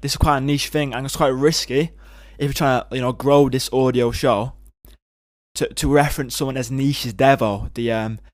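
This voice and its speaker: A man's voice: medium pitch, steady tone, moderate pace, no echo, clean studio sound. A man, co-host and editor, rambling in casual improv banter. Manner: rambling, breaks character to comment.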